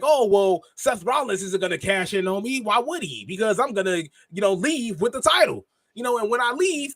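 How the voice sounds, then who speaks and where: Casting note: male podcast co-host, high voice, dry close sound, animated casual chat. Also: no room sound. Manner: animated, quick laughs and self-interruptions. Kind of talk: casual wrestling reaction chat.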